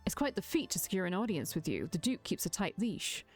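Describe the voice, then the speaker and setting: A woman's voice: on the low side, very animated, a little fast, darkish tone, faint music behind. A woman reading the lines of a haughty, scheming young male prince in a visual novel, sarcastic and commanding.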